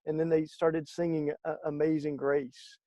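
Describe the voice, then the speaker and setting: A man, a guest in an interview, telling stories in a lively conversational way and acting out the voices of the people he quotes. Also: fairly high pitch, moderate pace, no echo. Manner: animated storyteller, acts out quoted speech. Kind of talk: conversational storytelling.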